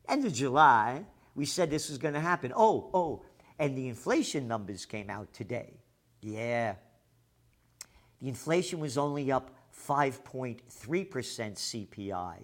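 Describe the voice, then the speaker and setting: A man hosting a commentary show, ranting sarcastically with lots of profanity, swinging between shouting and muttering. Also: fairly high pitch. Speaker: show host.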